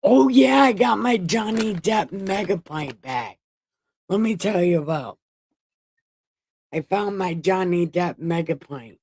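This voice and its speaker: A woman's voice: on the low side, expressive, slow pace, background noise. A woman hosting a casual livestream Bible reading from home, joking, swearing and playfully boastful. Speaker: host reading the Bible aloud.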